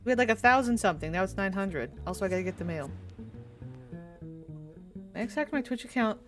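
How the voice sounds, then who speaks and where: A woman's voice: mid-range voice, animated, brisk, a bit bright, faint music behind. A woman in her twenties chatting casually as she streams a game, giggly and rambling, with many restarts. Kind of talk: casual gameplay commentary.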